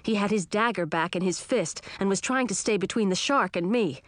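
A woman giving scripted first-person narration of a children's story in a clear, even storytelling manner. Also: medium pitch, fairly quick, dry recording, clean studio sound. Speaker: audiobook narrator.

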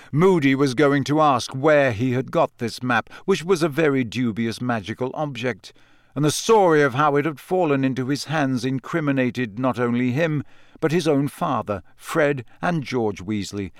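A man narrating an audiobook in a measured storytelling manner. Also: medium pitch, dry recording, studio quality. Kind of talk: scripted narration.

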